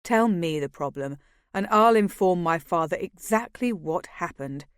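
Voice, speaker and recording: A woman voicing a calm, soothing young nobleman in an audiobook. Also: lowish voice, a little slow, no room sound, clean studio sound. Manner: smooth and soothing. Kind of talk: audiobook character voice.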